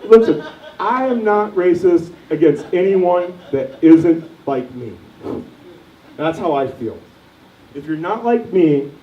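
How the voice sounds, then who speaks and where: A young stand-up comedian with a fairly high-pitched voice rambles through a crude set and quizzes the audience. The recording is lo-fi, captured from a distance in an echoey room.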